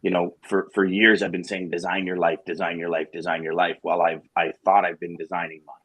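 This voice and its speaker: A man's voice: low voice, flat delivery, fairly quick, fairly bright tone, husky, no echo, poor audio. A man co-hosting a live show, talking to listeners frankly and with emotion, with blunt swearing and jokes. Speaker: co-host of a live sales morning show. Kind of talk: candid casual talk to listeners.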